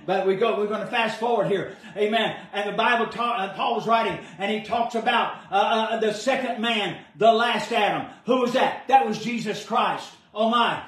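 A man preaching, fervent and loud, breaking into amens and hallelujahs. His voice sits very high. He is picked up from a distance, and the room echoes around him. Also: normal speed, few pauses. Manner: shouting, exclaiming hallelujah and amen. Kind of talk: fiery preaching sermon. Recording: echoey room, far from the mic.

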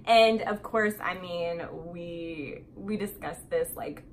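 A woman's voice: fairly low pitch, takes it slowly, slight background noise. A young woman hosting a casual chat, speaking easily with plenty of "like" fillers. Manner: relaxed and agreeable, frequent "like" fillers.

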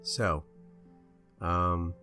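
A man casually commentating his own strategy game play, chatty and indecisive, bossing his troops around out loud. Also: low voice, steady tone, extremely slow, faint music behind. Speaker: gameplay video host.

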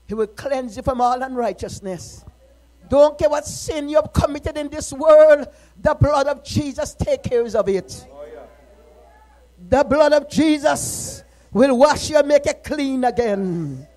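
High-voiced impassioned woman minister preaching. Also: expressive, measured pace, poor audio. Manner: impassioned, swings from quiet to shouting. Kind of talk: sermon.

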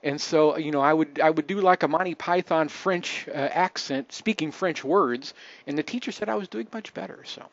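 A man hosting a live webcast, talking in a relaxed, chatty way with many fillers and restarts. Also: fairly high pitch, normal speed, muffled recording. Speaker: host.

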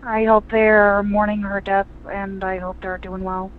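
A woman calling in by phone, soft and sympathetic. Her voice comes through thin and tinny, as on a phone line. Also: medium pitch, little pitch movement, measured pace, faint music behind. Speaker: caller.

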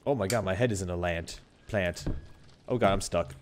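Streaming a horror game, this young man keeps up joking commentary and lets out yelps and shouts whenever something startles him. His voice sits on the low side, animated and brisk, over soft background music.

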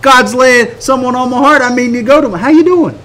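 An American man teaching a Bible study on prayer, animated and emphatic, full of rhetorical questions. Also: very high-pitched, a little fast. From United States.

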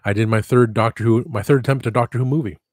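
Husky guy rambling on his livestream, dry close sound, keeps going off on tangents. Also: medium pitch, fairly even intonation, racing, darkish tone, no room sound. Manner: rambling, digressive, self-deprecating. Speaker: livestream host. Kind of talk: casual livestream chat.

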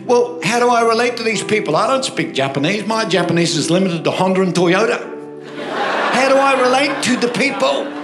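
An older Australian pastor preaches in a lively storytelling way, pausing to ask the congregation for an amen. His voice sits fairly high for a man. It rings through an echoey church hall with music playing behind. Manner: storytelling, animated, asks crowd for amens. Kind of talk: sermon.

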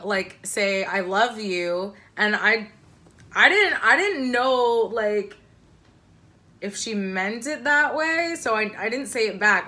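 A young woman in her twenties with a bright, sharp voice tells a casual storytime to her camera. She rambles, keeps restarting, and drops self-deprecating asides. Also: medium pitch. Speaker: vlogger.

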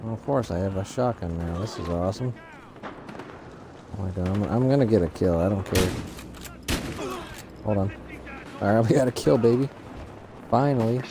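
A man's voice: lowish voice, moderate pace, pauses often, background noise. A man giving live commentary on a shooter game he is playing, frustrated and swearing in exasperated outbursts. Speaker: gaming channel host. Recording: game gunfire behind voice. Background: gunfire and explosions from the game.

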